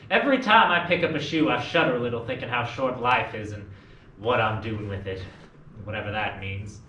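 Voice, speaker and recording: A young man playing a restless son, bright-voiced. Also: medium pitch, slight background noise. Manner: wistful, then urgent and agitated. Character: restless young man, itching to leave home. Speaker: student actor. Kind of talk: stage play scene. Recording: echoey room from far off.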